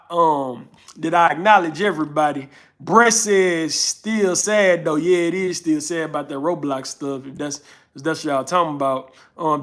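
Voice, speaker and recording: A relaxed man in his thirties with a drawling northern Louisiana and Houston accent, hosting a casual live stream. His voice sits a little high for a man, and he talks in an easygoing way, reading comments aloud and thanking viewers as he goes. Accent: northern Louisiana and Houston Southern. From Houston, Texas. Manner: laid-back, drawling, thanks viewers often. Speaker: livestream host.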